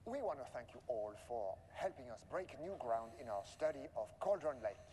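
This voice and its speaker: A man's voice: medium pitch, big pitch swings, brisk, dark tone, a little hiss or hum, lightly acted. An actor playing an upbeat male scientist who hosts a corporate welcome video with corny jokes, heard through an echoey in-game recording. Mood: chirpy. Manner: chirpy, presenter-like, corny jokes. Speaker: head of research. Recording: reverberant in-game video, faint ambience.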